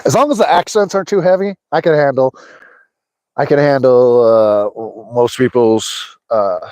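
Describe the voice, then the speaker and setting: A man's voice: mid-range voice, moderate pace, darkish tone, clean tone, no room sound. A middle-aged American man hosting a fishing livestream outdoors, chatting loosely with his viewers and laughing often. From USA. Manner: rambling, talks to chat, laughs often. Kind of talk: casual livestream chat. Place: outdoors by a lake in the snow.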